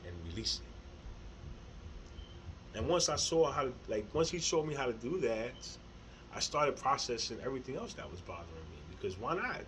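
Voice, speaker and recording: A man's voice: medium pitch, big pitch swings, normal speed, long pauses, a little hiss or hum, rough recording. Rambling man with heavy slang. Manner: rambling, repeats words, heavy slang and swearing; earnest, laughs softly between thoughts. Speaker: spiritual vlogger. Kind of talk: casual spiritual monologue to camera.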